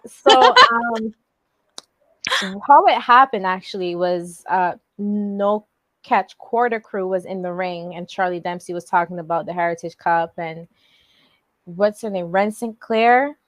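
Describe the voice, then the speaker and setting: Casually recapping a wrestling show on her podcast, this co-host rambles loosely, full of fillers and slang. She speaks at a measured pace in a medium-pitched, fairly bright voice, and there's no echo.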